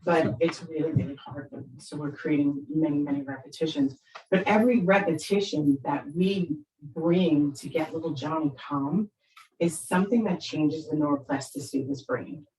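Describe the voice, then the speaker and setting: Low-voiced woman speaking from across a roomy hall. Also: normal speed, a little mellow, slight background noise. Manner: conversational, keeps asking "right?"; acts out quoted lines with big voice shifts. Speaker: therapist. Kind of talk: presentation to parents. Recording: roomy echo, speaker far from the mic.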